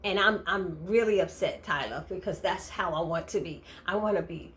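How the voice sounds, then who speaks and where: A woman recapping a TV episode in a casual, animated way, laughing and acting out the characters' lines. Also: on the low side, moderate pace, slight background noise. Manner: expressive, laughing, acts out quotes. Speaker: TV recap vlogger.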